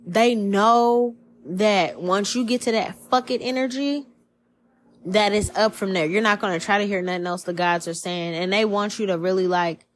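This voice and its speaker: A woman hosting a casual spiritual reading podcast, talking in a loose, rambling way, full of slang and swearing. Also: medium pitch. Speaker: tarot reader.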